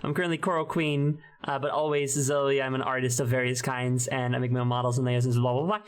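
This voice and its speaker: A man's voice: medium pitch, little pitch movement, fast talker, smooth. A man chatting casually while streaming a game, rambling and restarting sentences, often breaking into giggles. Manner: rambling, self-interrupting, giggly. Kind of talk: casual gaming stream chat.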